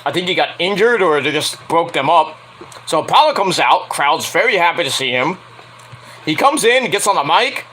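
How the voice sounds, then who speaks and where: A man's voice: on the high side, big pitch swings, moderate pace, bright, forceful tone, slight background noise, poor audio. A young man reviewing a wrestling show in a rambling, casual way, laughing often and breaking into squealing impressions. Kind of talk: casual solo review vlog.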